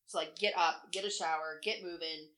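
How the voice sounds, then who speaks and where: Woman, 40s, podcast co-host; bright, forward voice; blunt, profane storyteller who acts out quotes. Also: deep voice, fairly even intonation, moderate pace. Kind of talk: casual chat.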